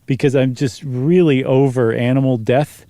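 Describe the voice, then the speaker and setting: A man's voice: medium pitch, steady tone, moderate pace, dark tone, dry recording, clean studio sound. A man co-hosting a podcast in a casual, rambling conversational way with fillers. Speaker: podcast co-host. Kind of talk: casual chat.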